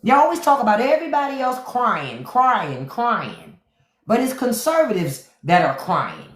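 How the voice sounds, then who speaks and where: A woman's voice: on the high side, sing-song, measured pace, roomy sound. A woman hosting a live stream, ranting about politics to her chat in a profane, sarcastic, mocking way. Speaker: podcast host on a live stream. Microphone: phone.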